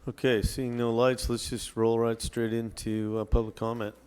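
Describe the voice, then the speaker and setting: A man's voice: mid-range voice, level tone, normal speed, darkish tone, clean tone. A man chairing a county board meeting, speaking in a casual, procedural way.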